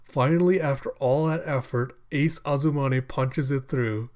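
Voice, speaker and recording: Excitable man recapping a comic chapter. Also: mid-range voice, a little slow. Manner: laughs often, reads character lines aloud with excited bursts. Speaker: manga reviewer. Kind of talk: reading and reacting to a comic chapter.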